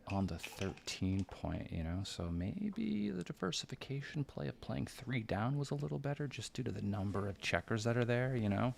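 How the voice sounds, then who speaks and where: A man giving live game commentary in a hushed, near-whispered voice, thinking aloud about each move. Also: medium pitch, sing-song, moderate pace, gravelly, hardly any pauses, slight background noise. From United States. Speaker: backgammon commentator.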